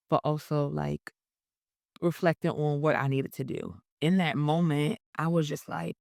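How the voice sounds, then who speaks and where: A young woman speaking earnestly and emotionally in a personal vlog. Her voice sits low and has a gravelly fry. The sound is dry and close. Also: fairly even intonation, normal speed, a little mellow, dry recording. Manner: earnest, emotional, self-affirming. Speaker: vlogger.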